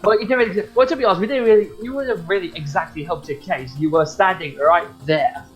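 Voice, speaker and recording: A man's voice: high-pitched, quick pace, lo-fi sound. A man co-hosting a casual gaming podcast, bantering and chuckling. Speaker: podcast co-host.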